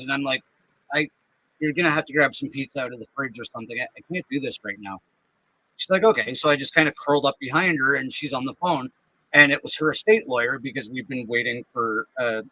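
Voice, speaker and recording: Bright, earnest man telling his story. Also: mid-range voice, dry recording, poor audio. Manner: earnest, halting, repeats words when emotional. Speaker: interview guest. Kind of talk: personal storytelling.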